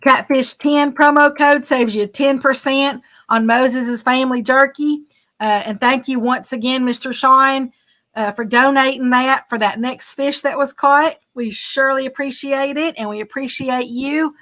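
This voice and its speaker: A woman, a bit hoarse, hosting a casual livestream and chatting along with many fillers as she thanks viewers. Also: sits high, steady tone, a little slow, fairly bright tone. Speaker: livestream host.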